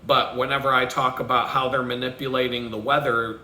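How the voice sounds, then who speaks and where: A man, ranting alone with swearing and conspiracy talk, sometimes shouting loudly. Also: medium pitch, little pitch movement, a little fast, few pauses, roomy sound. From Texas. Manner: profane, conspiratorial, swings into loud shouting and mimicked sounds. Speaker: podcast host. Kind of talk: profane solo rant.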